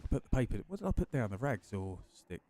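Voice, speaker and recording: A man's voice: mid-range voice, very animated, fast, warm tone, slight background noise. A man chatting casually and swearing as he streams a game, greeting his chat by name. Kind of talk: casual live-stream commentary while gaming.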